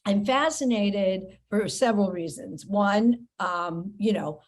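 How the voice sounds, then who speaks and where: New lady hosting a comedy podcast, chatty, jokes at herself as she goes. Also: mid-range voice. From New York, USA. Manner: chatty, self-mocking, quick asides. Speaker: podcast host. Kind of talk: casual podcast chat and host-read ads.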